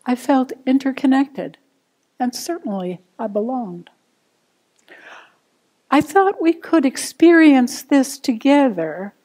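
Slow, mellow-voiced woman meditation teacher. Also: high-pitched. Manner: gentle, unhurried, guiding. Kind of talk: dharma talk.

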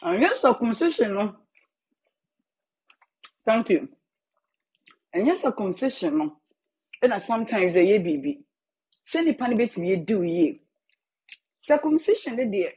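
A woman's voice: mid-range voice, sing-song, measured pace, long pauses, darkish tone, breathy edge. A woman with a Ghanaian accent chatting casually to her viewers while she eats, drifting between English and Twi. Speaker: vlogger. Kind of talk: casual eating-show chat.

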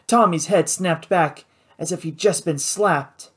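This is an audiobook narrator reading a novel aloud. The delivery is measured and descriptive, with plain, steady storytelling. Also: mid-range voice.

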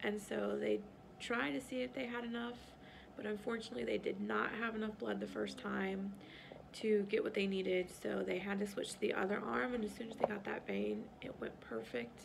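Soothing mom with a gravelly voice. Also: female voice, medium pitch, flat delivery, moderate pace, noisy background. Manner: soothing, coaching breaths, repeating herself. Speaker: parent vlogger. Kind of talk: vlog chat and soothing a child. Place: hospital clinic room.

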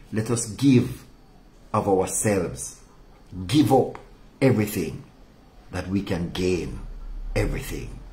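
Impassioned preacher with a low voice. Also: male voice. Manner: impassioned, rebuking, drops low and soft for emphasis. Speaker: pastor. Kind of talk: sermon.

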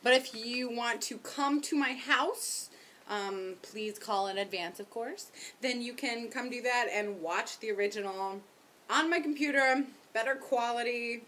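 A young woman vlogs from her home, her voice sitting a touch high as she rambles and pokes fun at herself. She talks a little too loud because of her headphones, and a faint room hum sits under her voice. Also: unhurried. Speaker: vlogger. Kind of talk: casual chat. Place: home, indoors.

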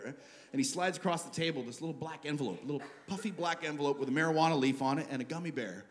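High-voiced man telling a stand-up story. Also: very fast. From Canada. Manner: animated, bursts into shouting. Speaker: stand-up comedian. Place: comedy club stage. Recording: live stage recording with audience noise.

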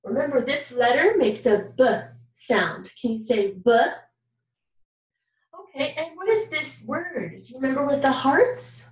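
Woman music teacher, high voice, slow and patient, echoey room heard from a distance. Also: lively intonation. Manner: slow, patient and encouraging, asking questions and singing examples. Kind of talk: recorded online music lesson for young children.

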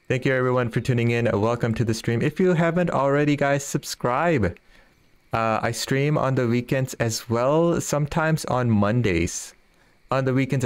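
A man with a medium-pitched voice streams a fishing game, chatting casually with viewers, laughing often and reading their messages aloud. There's no room sound.

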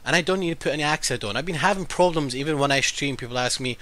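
Speaking quickly in a voice on the high side with a fairly bright tone, a gaming YouTuber chats with his viewers. Viewers comment on his unusual mixed accent; he's talkative, going into long explanations and defending himself in his casual game commentary.

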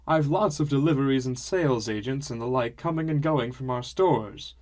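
A man voicing a hearty, showy middle-aged merchant father who talks with booming, forced cheer. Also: normal speed, darkish tone, close to an everyday voice. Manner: booming, jovial, with fake cheer. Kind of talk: audiobook character voice.

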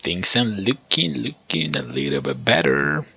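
A man narrates his own strategy gameplay in a deep, husky voice. His delivery is intensely forceful and excitable, and he keeps addressing his viewers directly. He chuckles often as he goes. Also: unhurried, dull audio. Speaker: gameplay commentator. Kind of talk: let's play commentary.

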